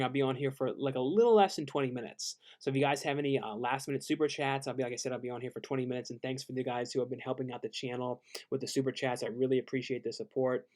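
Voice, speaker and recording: A laid-back man chatting on a late-night live stream, reading viewer questions aloud. His voice sits at an ordinary middle pitch, and he speaks in a halting way with easygoing pauses. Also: a little mellow. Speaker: streamer hosting a Q&A. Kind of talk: casual live-stream chat.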